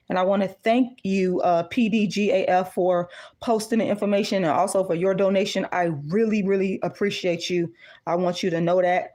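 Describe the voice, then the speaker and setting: A woman's voice: mid-range voice, fairly even intonation, moderate pace, dark tone. Middle-aged woman, livestream host; blunt, profane, repetitive, mid-range voice.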